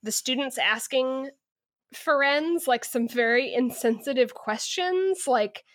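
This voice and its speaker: A woman podcast co-host summarizing a book chapter in casual, halting chat. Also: high voice, expressive, a bit bright, no room sound, clean studio sound. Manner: hesitant, lots of restarts.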